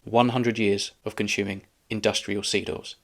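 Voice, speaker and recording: A man's voice: on the low side, flat delivery, normal speed. Sarcastic man reacting to clips. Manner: sarcastic, argumentative. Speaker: channel host reacting to a clip. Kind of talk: reaction commentary.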